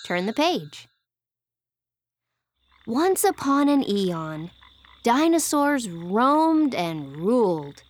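A woman's voice: on the high side, drawn-out words. Playful woman reading a picture book. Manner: playful, expressive. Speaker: storyteller. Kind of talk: children's picture book read-aloud.

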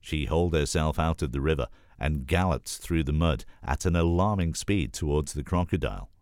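A man reading a children's storybook aloud in a calm, measured way. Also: a bass voice, no room sound, clean studio sound. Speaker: narrator.

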